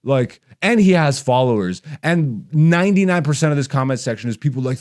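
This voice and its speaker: A man's voice: mid-range voice, animated, brisk, few pauses, darkish tone. A man in his thirties, a comedian hosting his podcast, ranting bluntly and profanely while gaming.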